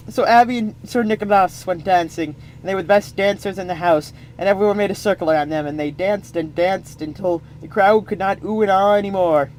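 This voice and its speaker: A man's voice: sits high, a little fast, hardly any pauses, a little mellow, a little hiss or hum. A man improvising a comic story, rambling with playful asides.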